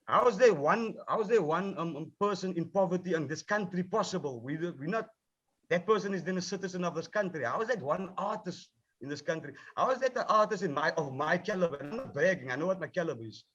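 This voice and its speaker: A man speaks heatedly about his craft, swearing freely and circling back over his points. His voice sits a bit high for a man. The sound is dull and muffled, as if it came over a video call. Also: lively intonation, quick pace, a bit bright. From South Africa. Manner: passionate, profane, repeats himself. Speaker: rapper, film subject. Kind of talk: heated panel discussion.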